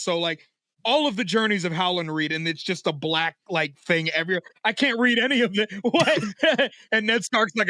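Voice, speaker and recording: A man's voice: sits high, moderate pace, no echo. Man, podcast co-host, casual chat, swears freely, dry close sound. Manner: animated, acts out scenes, swears freely.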